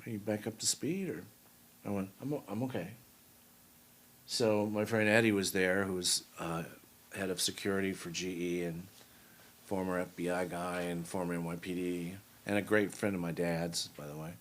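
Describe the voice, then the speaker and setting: An older man, a comedian guest, telling stories in a casual interview, soft-spoken and acting out the voices of people he quotes. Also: low-pitched, little pitch movement, moderate pace, a little hiss or hum. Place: studio talk set.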